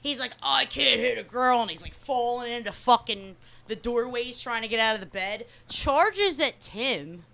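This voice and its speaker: Bright-voiced profane woman telling a story. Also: a little high, animated, moderate pace, vocal fry, hardly any pauses. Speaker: new podcast co-host. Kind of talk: casual storytelling chat.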